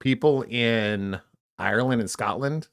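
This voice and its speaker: A man's voice: medium pitch, measured pace, smooth. A middle-aged man from California co-hosting a casual live podcast, rambling and debating with mock voices. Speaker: podcast co-host.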